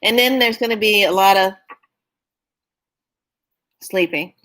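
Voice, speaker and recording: A woman's voice: mid-range voice, slow, a bit bright, a little hiss or hum. A woman giving a casual spiritual talk, earnest and urging, who often laughs while telling stories. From California. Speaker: spiritual vlogger.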